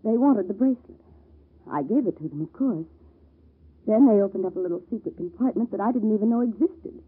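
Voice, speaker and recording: Woman doing nervous young wife, breathy, stammery, old dull radio recording. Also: medium pitch, lively intonation, a little fast. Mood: anxious. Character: anxious young wife in legal trouble. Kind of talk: old-time radio drama acting.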